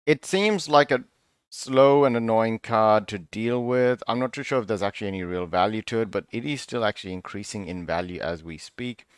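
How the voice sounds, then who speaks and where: The host of a card review channel talks casually at a moderate pace in a clean voice on the low side. He thinks aloud, half-sarcastic and musing, often cutting himself off to restart. The sound is clean studio audio with no echo.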